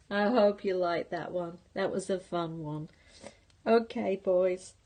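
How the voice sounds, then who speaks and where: Older woman, grandmother reading a children's book, unhurried, husky. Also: lowish voice. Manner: warm, playful storytelling with whispered asides. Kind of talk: reading a picture book aloud.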